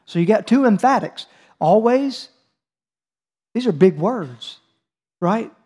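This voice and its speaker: A man's voice: high voice, expressive, takes it slowly, dark tone, slightly rough. A man preaching a teaching sermon, reading scripture and calling on his listeners to answer aloud. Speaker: preacher leading a Bible study.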